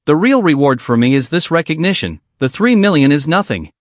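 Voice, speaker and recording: A man's voice: a little high, big pitch swings, fairly quick, no room sound, studio quality. A man reading the lines of an upbeat teenage boy who is a football prodigy, in a plain read-aloud manner.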